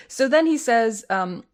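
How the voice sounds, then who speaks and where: A woman co-hosting a podcast, chatting casually and wryly while she recaps a movie and jokes along with the others. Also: a little high. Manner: chatty and wry, quick to agree and add jokes. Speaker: podcast co-host.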